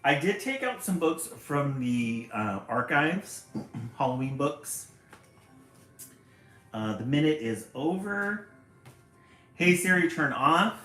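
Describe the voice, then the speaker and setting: A man's voice: on the high side, expressive, takes it slowly, pauses often, sharp tone, faint music behind. A man reading a picture book aloud on a live stream, chatty and greeting viewers between pages. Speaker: livestream storybook reader. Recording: echoey room.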